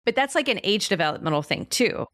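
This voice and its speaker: A woman's voice: mid-range voice, very animated, quick pace, a bit bright, no room sound, studio quality. A woman co-hosting a parenting podcast, asking questions and chiming in casually. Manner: asks questions, brief affirmations. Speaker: podcast co-host. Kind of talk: conversational podcast.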